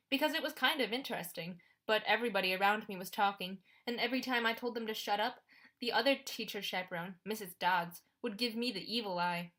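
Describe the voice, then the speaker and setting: A woman's voice: medium pitch, a bit bright. A woman narrating an audiobook in the first person, in a wry, conversational storytelling manner.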